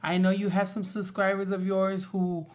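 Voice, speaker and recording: A woman's voice: mid-range voice, little pitch movement, moderate pace. A woman hosting a reaction video, giving blunt, dismissive commentary and lecturing the person she reacts to. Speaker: reaction channel host.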